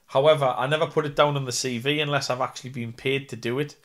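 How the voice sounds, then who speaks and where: A man's voice: medium pitch, fairly even intonation, quick pace, a bit bright. A man with a Geordie accent, an actor and singer chatting in an interview, self-deprecating and full of fillers. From North East England. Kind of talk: casual interview chat.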